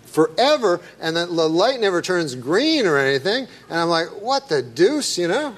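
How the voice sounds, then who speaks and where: A man telling a rambling anecdote on a talk show in a dry, deadpan way. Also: high-pitched, moderate pace. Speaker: talk show guest, comedian.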